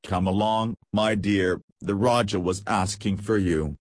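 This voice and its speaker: A man reading the part of a big, genial older husband with hearty, booming greetings. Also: fairly even intonation, unhurried, dry recording, studio quality.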